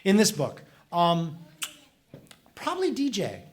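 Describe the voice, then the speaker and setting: Casting: man with a slightly high voice, animated and chatty, answering audience questions at a library talk. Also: slow. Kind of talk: casual public talk. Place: library event room with audience.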